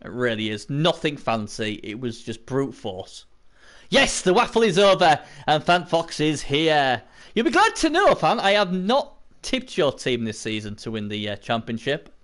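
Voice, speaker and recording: A man's voice: fairly high pitch, very animated, normal speed, fairly bright tone. A man giving casual live-stream commentary on a tabletop sports video game, rambling and chatting to viewers between points.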